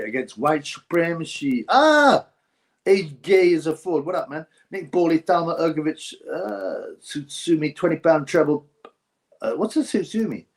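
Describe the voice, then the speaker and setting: A man's voice: on the high side, a little mellow. A man hosting a casual boxing live stream, reading viewer comments in a rambling, mocking way with bits of mimicry.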